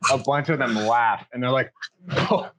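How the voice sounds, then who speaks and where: A man narrating a tabletop game as dungeon master, setting scenes in a relaxed, rambling way. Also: medium pitch, brisk, noisy background.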